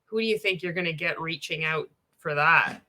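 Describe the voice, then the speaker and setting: A woman's voice: sits low, fairly quick, pushed and bright. A woman from Canada hosting a reaction video, talking in casual, sarcastic commentary full of swearing and laughter. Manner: profane, sarcastic, laughing often.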